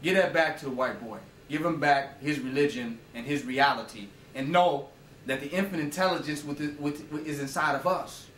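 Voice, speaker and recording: A man's voice: a little high, a little fast, fairly bright tone, recorded from a distance, a little hiss or hum. A man giving an informal lecture, emphatic and profane, often asking his listeners rhetorical questions. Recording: roomy echo, voice away from the mic.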